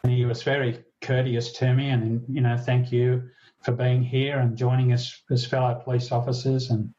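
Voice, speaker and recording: An older Australian man, a retired police detective, tells a story in a podcast interview, earnest but halting and often restarting. His medium-pitched voice is level and dark, and the audio is dull with slight background noise.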